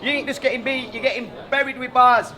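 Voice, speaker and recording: A man's voice: very high voice, steady tone, fast talker. A man rapping taunting, crude battle verses in a bar. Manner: taunting, brash, swearing. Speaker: battle rapper. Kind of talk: rap battle verses over a loud crowd. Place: bar venue, indoors. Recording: loud crowd and noise in a bar.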